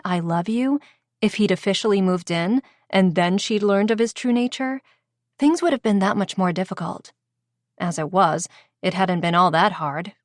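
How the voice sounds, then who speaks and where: A woman reading an audiobook novel in an even, measured way on a close mic. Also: fairly low pitch, dry recording. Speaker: audiobook narrator. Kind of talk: scripted narration.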